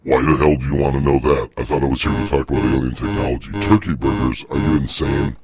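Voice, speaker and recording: A man voicing an irritable middle-aged ex-Area-51 scientist who sounds gruff and exasperated and keeps repeating himself. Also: a bass voice, fairly even intonation, quick pace, voice pushed down. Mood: irritated.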